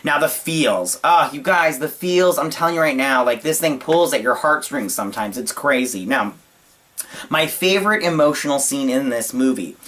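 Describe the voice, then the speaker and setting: A man hosts his own review channel and talks through a film in a casual, unscripted way. He gushes and gets excited, tripping over his words with plenty of uh and like fillers. His voice sits at a middle pitch. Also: moderate pace. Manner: gushing and excitable, with frequent uh and like fillers. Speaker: movie review channel host. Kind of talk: casual spoken movie review.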